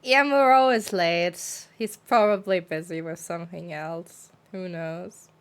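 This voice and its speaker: A young woman streaming, chatting casually in a relaxed way and laughing easily. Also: lowish voice, unhurried, clean tone. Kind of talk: casual chat.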